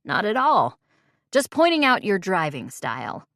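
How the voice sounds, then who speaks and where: Audiobook casting: a woman doing a cocky young Irish charmer, teasing and playful, mid-pitched, dry close read. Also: huge pitch swings, a little slow, a bit bright, no room sound, heavily acted.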